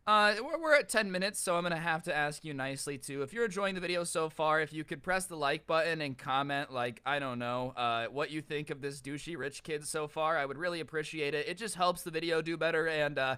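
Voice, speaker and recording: A man telling a childhood story as a YouTuber, animated, ranting and sarcastic. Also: a little high, a little fast, few pauses, clean tone. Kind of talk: casual storytime rant.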